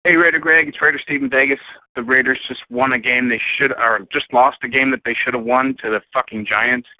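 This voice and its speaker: Angry cursing fan on a phone line. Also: male voice, medium pitch, fairly even intonation, a little fast, a little hiss or hum. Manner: angry, profane. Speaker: caller. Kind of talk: voicemail rant.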